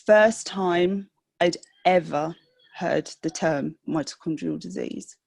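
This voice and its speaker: A young woman speaks as a podcast guest in a low, gravelly voice, recorded close and dry. She tells her personal story haltingly and with emotion, often restarting her sentences. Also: darkish tone, no echo. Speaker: podcast guest, mother of a sick child.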